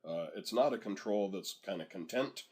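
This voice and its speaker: A man giving a screen-recorded software tutorial, talking students through each step in a relaxed, conversational way and pausing so they can catch up. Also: on the low side. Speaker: software instructor.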